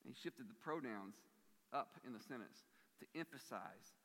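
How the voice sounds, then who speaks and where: A man preaching a sermon in a church, earnest and emphatic, swinging between forceful stress and quieter passages. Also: medium pitch, animated, normal speed. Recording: long reverb of a large hall.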